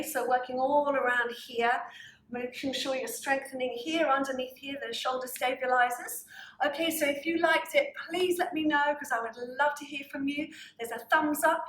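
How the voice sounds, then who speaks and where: A woman's voice: high-pitched, fairly bright tone, reverberant, rough recording. A woman teaching a pilates class, cueing breaths and counting reps while slightly out of breath. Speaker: pilates instructor. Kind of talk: guided workout instruction.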